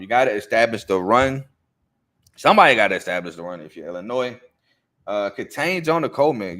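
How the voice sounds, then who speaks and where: Man, low-pitched, sports show host, casual game-preview talk, conversational, confident picks. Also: fairly bright tone. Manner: loose and conversational, with fillers and self-corrections.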